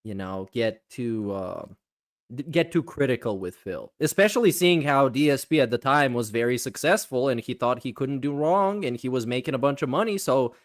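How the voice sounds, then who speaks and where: A man's voice: medium pitch, lively intonation, normal speed, no echo. A man in casual podcast talk with a mid-range voice, agreeable and a little hesitant, often restarting his sentences. The sound is dry and close. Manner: agreeable, hesitant, many fillers. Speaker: podcast co-host.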